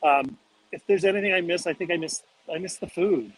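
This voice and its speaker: Man with a slightly high voice. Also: a little fast, breathy edge, rough recording. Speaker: bookstore owner co-host. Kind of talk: casual interview chat.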